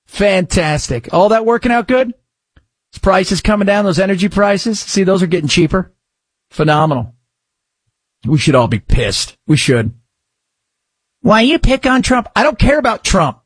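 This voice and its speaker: A man's voice: high voice, lively intonation, normal speed, long pauses, slightly rough, no echo. Sarcastic, exasperated talk radio man. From United States. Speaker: radio talk show host. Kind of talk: opinionated talk radio monologue and host-read ads.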